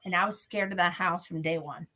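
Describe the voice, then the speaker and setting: A woman's voice: lowish voice, steady tone, a little fast, sharp tone. Chatty, laughing woman storyteller. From Pennsylvania. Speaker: guest, paranormal investigator. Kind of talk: casual interview chat.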